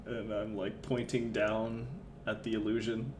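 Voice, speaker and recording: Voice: medium pitch, level tone, noisy background. A player casually playing a tabletop game, playful and giggly. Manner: playful, giggly, slow-talking.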